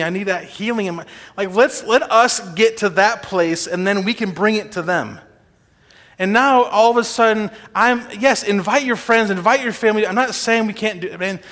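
High-voiced preacher in reverberant hall. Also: male voice. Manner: animated, informal, laughs often. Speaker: guest preacher. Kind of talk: sermon. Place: church sanctuary.

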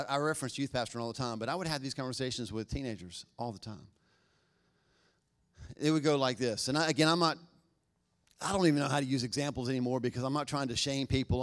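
A middle-aged man preaches in a loose, conversational way, cracking jokes and acting out little quoted exchanges. His voice sits at an ordinary pitch, and he mixes humor into the talk. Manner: conversational, joking, animated acted-out quotes. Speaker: pastor. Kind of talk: sermon.

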